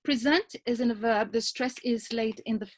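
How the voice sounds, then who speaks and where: A woman giving a grammarian's report at a club meeting, speaking carefully and deliberately as she spells out tricky words. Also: a little high, no room sound, low-quality recording.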